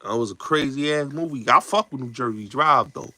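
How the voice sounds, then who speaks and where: A man, hosting a show, chatting casually and acting out movie lines in slangy, animated talk. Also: medium pitch, moderate pace, dry recording. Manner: slangy, repeats yo and son. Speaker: show host.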